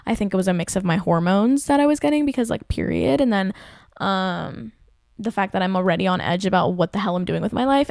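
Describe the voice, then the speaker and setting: A woman in her twenties hosting a podcast, telling a work story in casual chat, venting and animated with lots of "like". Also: fairly low pitch, gravelly, no echo, studio quality. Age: 20s. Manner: venting, animated, heavy use of "like". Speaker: podcast host.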